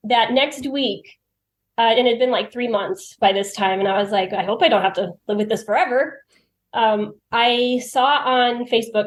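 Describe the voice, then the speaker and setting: A woman guest on a podcast shares personal stories in a talkative way. She laughs often and acts out her own remarks. Her voice sits a little high, and the room gives it a noticeable echo. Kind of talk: personal storytelling in conversation. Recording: roomy echo.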